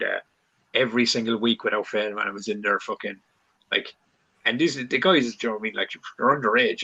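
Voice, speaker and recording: Gravelly, rambling man. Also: on the low side, pushed and bright, rough recording. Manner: rambling, heavy swearing, loose storytelling. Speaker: co-host. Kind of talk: casual podcast chat.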